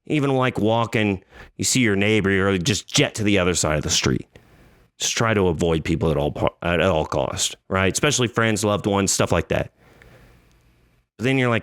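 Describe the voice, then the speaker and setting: A man's voice: sits low, normal speed, clean tone, dry recording, clean studio sound. A man in his thirties hosting a podcast, telling a story in a casual, jokey way and acting out his own thoughts in an exaggerated voice. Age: 30s. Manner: animated, jokey, exaggerated retelling with quoted inner voices. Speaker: podcast host.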